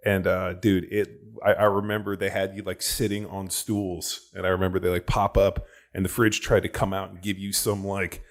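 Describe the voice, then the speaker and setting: A man hosts a podcast in a very low, deep voice. He tells stories in an excitable, profane, bro-ish way, full of "dude" and "like.". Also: moderate pace, hardly any pauses. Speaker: podcast host. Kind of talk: casual podcast chat. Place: podcast studio.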